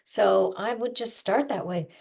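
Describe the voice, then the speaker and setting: A middle-aged woman coach talking casually, explaining with everyday images and quick asides. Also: medium pitch, vocal fry, darkish tone. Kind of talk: casual conversational teaching.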